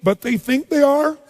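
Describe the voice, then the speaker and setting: A man giving a live motivational seminar, exhorting the audience with questions and calls to action. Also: sits high. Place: large seminar hall. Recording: long reverb of a large hall.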